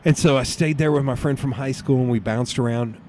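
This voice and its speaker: A man's voice: medium pitch, a little fast, darkish tone, a little hiss or hum. A man with a Southern US accent, a podcast guest rambling through stories in casual chat and laughing often.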